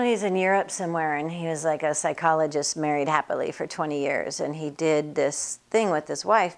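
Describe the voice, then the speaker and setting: A woman's voice: low voice, gravelly. A woman who works on horses and teaches students, telling casual stories in a chatty way and laughing often. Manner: chatty, acts out other people's voices in quotes, laughs often. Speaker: equine bodywork practitioner and teacher. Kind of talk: casual anecdotal storytelling.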